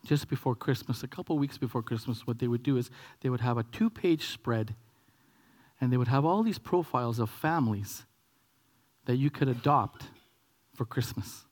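A Canadian preacher in his forties speaks at normal speed while animatedly acting out a childhood story. His voice sinks to a whisper, then soars into excited, high bursts.

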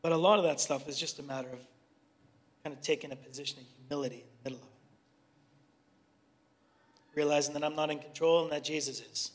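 A middle-aged man with a slightly high voice shares a heartfelt testimony and leads a prayer. He talks earnestly and conversationally, often restarting his sentences mid-thought. His words carry a long reverb, as if spoken in a large hall. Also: fairly even intonation, fast talker, pauses often. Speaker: youth organization director and speaker. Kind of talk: personal testimony and leading prayer.

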